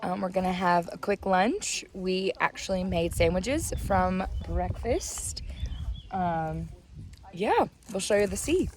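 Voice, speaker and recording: A woman vlogging casually outdoors on a mountain trail, chatty and excitable, laughing often and at times out of breath, into a handheld camera. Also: on the low side, takes it slowly. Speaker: travel vlogger. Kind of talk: casual hiking vlog.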